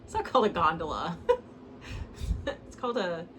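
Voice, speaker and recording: A woman's voice: on the low side, expressive, moderate pace, bright, forceful tone, rough recording. A woman giving a casual tarot reading, chatty and loose, often saying "like" and "okay?", with the odd curse and laugh. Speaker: tarot reader. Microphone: phone. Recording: phone recording with clear background noise.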